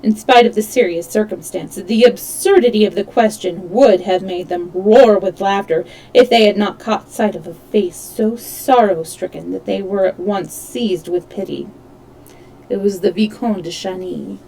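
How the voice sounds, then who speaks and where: A woman reading a novel aloud to a live audience. She reads with expression, fixing the odd slip as she goes. Her voice sits at an ordinary pitch for a woman. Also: normal speed, vocal fry, rough recording. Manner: expressive reading with slips and self-corrections. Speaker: storyteller.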